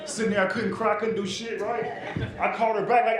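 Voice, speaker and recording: High-pitched male stand-up comedian. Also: flat delivery, fairly quick, background noise. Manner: loud storytelling, acts out other people's lines, swears a lot. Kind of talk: stand-up set. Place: comedy club stage. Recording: echoey club with loud crowd.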